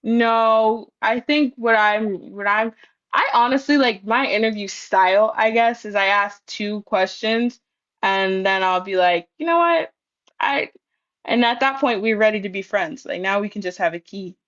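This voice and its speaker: A woman co-hosting a casual chat, speaking earnestly with halting pauses. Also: medium pitch, fairly even intonation, fairly bright tone, no room sound, highs cut off. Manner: earnest, halting, with many ums and restarts. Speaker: podcast co-host.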